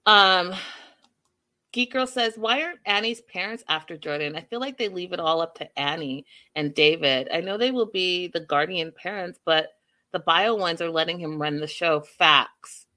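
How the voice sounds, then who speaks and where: A young woman hosts a casual recap show, animated and opinionated as she retells what happened and reads out viewer comments. Her voice is bright and forceful but sits a little low. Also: moderate pace. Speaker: reality TV recap host.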